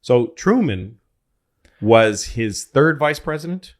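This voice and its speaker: A man's voice: medium pitch, very animated, takes it slowly. A man co-hosting a podcast, casually telling rambling comic stories and swearing a lot. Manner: rambling storyteller, acts out quoted voices, swears. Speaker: podcast co-host. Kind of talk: casual comedic chat.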